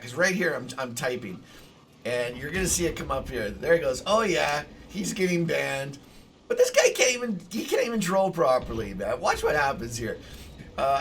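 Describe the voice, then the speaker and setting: A man giving casual commentary over his own gameplay, excitable, swearing and bursting into shouts. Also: a little high, recorded from a distance, a little hiss or hum.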